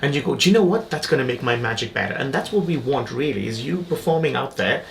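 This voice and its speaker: Gravelly-voiced male interview host. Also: medium pitch, expressive, fast talker, a little hiss or hum, rough recording. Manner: agreeable, frequent brief affirmations, laughs easily. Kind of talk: conversational interview. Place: upstairs dressing room.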